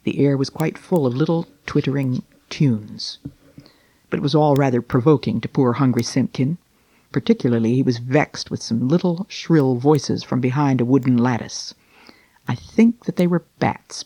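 A man reading a classic children's Christmas story aloud in a gentle, unhurried voice with dramatic slowing. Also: medium pitch, husky, no echo.

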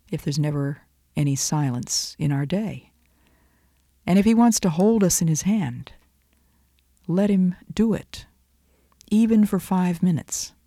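A woman giving an earnest, expressive devotional talk, dropping now and then into soft whispers. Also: low-pitched, dry recording, studio quality. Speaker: devotional speaker.

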